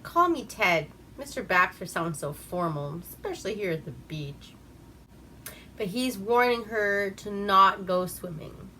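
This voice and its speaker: A woman's voice: fairly low pitch, sharp tone, slight background noise. A woman giving a rambling, profane, casual recap of an old movie and laughing at herself. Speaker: movie reviewer.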